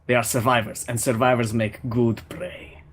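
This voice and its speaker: A man's voice: mid-range voice, little pitch movement, moderate pace, breathy edge, natural voice. A savage, proud Draken warrior, played by a man speaks with a Russian accent. He boasts of slaughter and growls threats at anyone who doubts him. The voice comes through a gamer's voice chat headset. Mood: boastful.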